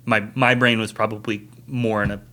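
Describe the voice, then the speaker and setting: A man's voice: lowish voice, little pitch movement, moderate pace, sharp tone. A man in his thirties co-hosting a podcast, chatting casually and thoughtfully, often agreeing. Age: 30s. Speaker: podcast co-host. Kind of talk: casual review chat.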